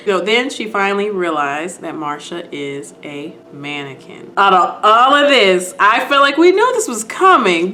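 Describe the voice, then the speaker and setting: A woman vlogger retelling a TV episode to her viewers in a casual, animated way while doing her makeup. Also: fairly high pitch, normal speed, few pauses, slight background noise. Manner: animated, talks to viewers, acts out scenes.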